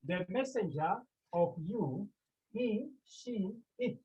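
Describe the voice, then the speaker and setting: Language teacher, mellow and slow, quizzes the class as he goes; dull lo-fi recording. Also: medium pitch, lively intonation, husky. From Cameroon. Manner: repeats key words and asks the class rhetorical questions. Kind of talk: classroom lecture.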